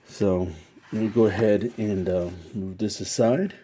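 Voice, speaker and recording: A middle-aged man unboxing a gift on his collecting vlog, emotional and halting, full of fillers and restarts. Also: on the low side, fairly even intonation, mellow, breathy edge. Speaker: toy collector YouTuber.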